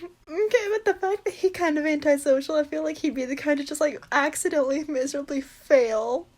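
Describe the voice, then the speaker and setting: High-voiced gushing fangirl. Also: a little fast. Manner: gushing, bursts into excited squeals. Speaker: fan video creator. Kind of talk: casual fan commentary.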